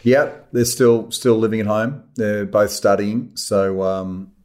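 Animated Australian man in his fifties. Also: slow pace. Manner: animated, emphatic swings in pitch when making a point. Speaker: guest actor. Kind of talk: casual interview conversation.

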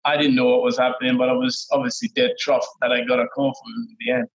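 A middle-aged man with a Trinidadian accent, telling stories as a guest in a relaxed, laid-back way, often laughing. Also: mid-range voice, fast. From Trinidad and Tobago. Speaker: guest, former footballer. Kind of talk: casual interview storytelling. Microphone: remote call audio. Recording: dull lo-fi call audio.

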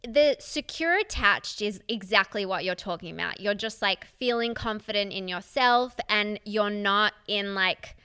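A woman's voice: mid-range voice, pushed and bright, clean tone. A young woman co-hosting a casual podcast, talking frankly and swearing now and then. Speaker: podcast co-host. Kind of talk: casual chat.

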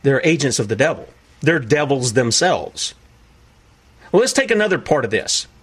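In a medium-pitched voice with a breathy edge, a man offers preaching commentary on clips at a moderate pace. His delivery is lively and incredulous, with frequent impressions of others.

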